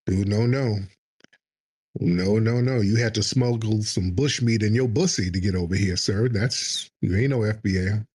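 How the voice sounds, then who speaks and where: A man's voice: on the low side, moderate pace, darkish tone, husky. A man hosting a call-in livestream show, talking in a combative, mocking way. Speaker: host.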